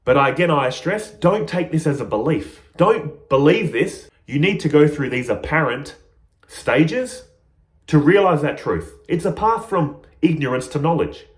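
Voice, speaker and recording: A man teaching spiritual ideas through an emphatic, animated parable. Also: a little high, measured pace. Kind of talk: storytelling teaching talk. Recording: roomy echo.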